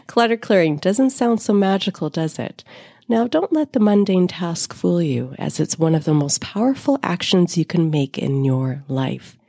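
A woman in her forties hosting a spiritual podcast, her voice raspy while she recovers from an illness, upbeat with slow emphatic phrases. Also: deep voice, dark tone, no room sound, clean studio sound. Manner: upbeat, with emphatic slowed phrases and bursts of laughter. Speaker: podcast host and spiritual teacher. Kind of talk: solo podcast monologue.

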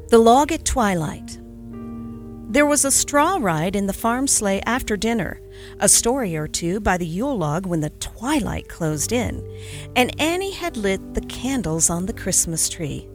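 A woman narrating a classic holiday storybook aloud with expressive, dramatic delivery. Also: mid-range voice, a little slow, soft background music. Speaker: podcast narrator.

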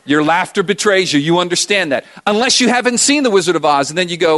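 Man, pastor, sermon, high-pitched, conversational, rhetorical questions, addresses the congregation. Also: expressive, quick pace, few pauses, pushed and bright. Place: church before a congregation.

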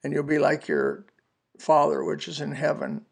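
Gravelly-voiced man in his seventies preaching. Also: on the high side, big pitch swings, normal speed. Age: 70s. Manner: earnest, folksy storytelling with scripture quotes. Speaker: podcast preacher. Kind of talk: personal testimony sermon.

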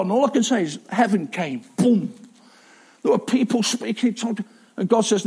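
A man's voice: high-pitched, animated, brisk, vocal fry, darkish tone, husky. A man preaching a sermon in a chatty, self-deprecating way, with asides and restarts.

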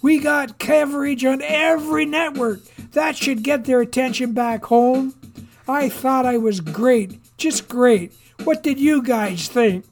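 A reader voicing a boastful male senator who speaks in a sonorous Texas twang and pitches his voice higher for speechmaking. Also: unhurried, creaky, faint music behind. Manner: raised pitch, grandstanding speechmaking. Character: boastful male Texan senator, showy and self-satisfied.

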